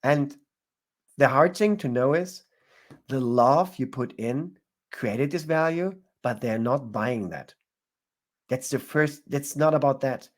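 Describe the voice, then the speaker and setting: Guy w a talking business tips, keeps restarting sentences, middle-pitched voice. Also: slow. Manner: searching, restarts phrases mid-sentence. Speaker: guest entrepreneur. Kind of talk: casual interview answers.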